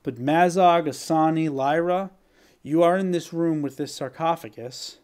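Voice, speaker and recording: A man's voice: a little high, measured pace, a little mellow, smooth. Man narrating as game master. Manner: descriptive, builds suspense.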